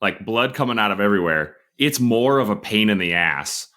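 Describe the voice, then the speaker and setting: A man's voice: fairly low pitch, animated, moderate pace, pushed and bright. An American man co-hosting a podcast, making wry, sarcastic asides in casual chat. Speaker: podcast co-host.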